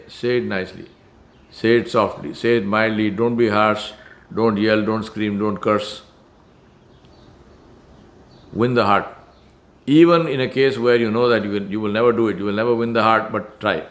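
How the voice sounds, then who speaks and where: A man's voice: lowish voice, normal speed. A man preaching a sermon in an earnest manner, stressing points by repetition and often restarting his phrases.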